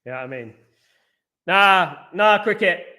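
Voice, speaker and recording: A man hosting a football fan live stream, bantering and giving shout-outs to viewers in the chat. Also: high voice, animated, a little slow. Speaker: host.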